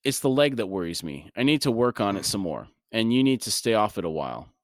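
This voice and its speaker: A man voicing a gruff, weary male soldier-healer who talks in a low mutter. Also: big pitch swings, brisk, dry recording, studio quality.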